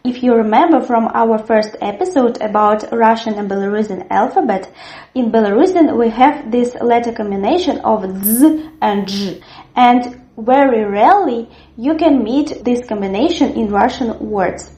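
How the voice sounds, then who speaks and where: A woman teaching a language lesson, sounding out words slowly and cheerfully so viewers can repeat after her. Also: a little high, dark tone. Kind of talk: slow, clear language lesson. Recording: echoey room, dull lo-fi sound.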